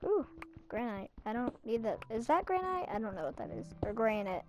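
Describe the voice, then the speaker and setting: A woman's voice: on the high side, big pitch swings, fast, darkish tone, faint music behind. A young woman giving rambling, self-mocking commentary while playing a game. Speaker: gaming channel host. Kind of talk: casual Minecraft commentary.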